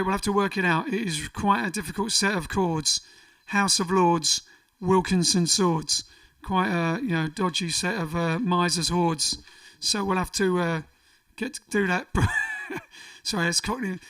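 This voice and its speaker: A man's voice: high voice, a bit bright, far from the mic. A man hosting a casual livestream, reading out viewer comments in a jokey, rambling way. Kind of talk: casual chat. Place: home during lockdown.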